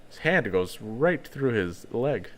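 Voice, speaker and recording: A man's voice: mid-range voice, very animated, takes it slowly, a little hiss or hum. A man giving casual let's-play commentary with chatty, self-mocking asides.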